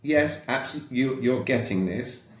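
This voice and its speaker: A man's voice: medium pitch, lively intonation, normal speed, roomy sound. A man being interviewed as a podcast guest, who talks in an emphatic, coaching way and keeps checking that the listener follows. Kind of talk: conversational interview.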